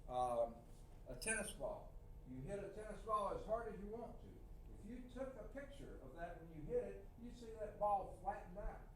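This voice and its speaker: A man's voice: sits high, lively intonation, moderate pace, a little hiss or hum. A male science instructor giving a classroom lecture, chatty and digressive, often checking in with "okay?". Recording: echoey classroom from a distance.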